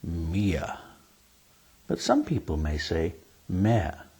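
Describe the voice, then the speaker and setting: Slow, husky-voiced male teacher. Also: low voice, big pitch swings, a little mellow, poor audio. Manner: slow, careful, spells words letter by letter. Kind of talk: spelling lesson.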